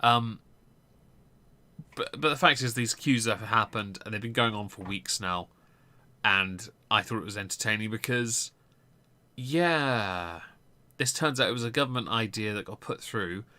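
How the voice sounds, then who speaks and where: A man's voice: lowish voice, measured pace, pauses often, pushed and bright. A man hosting a political live stream, giving casual commentary with lots of ums and blunt swearing.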